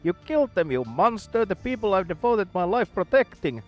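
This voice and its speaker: A man's voice: high voice, sing-song, a little fast, soft background music, pitched above the performer's own voice. A man voicing a wild, grandiose young lab scientist who rants theatrically while reading a video game aloud. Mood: grieving, theatrical.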